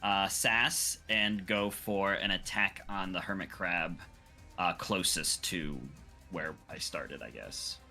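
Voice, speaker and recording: A man's voice: low-pitched, slow pace, vocal fry, pushed and bright, soft background music. A man playing a tabletop game, describing his character's moves hesitantly and thinking aloud. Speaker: player.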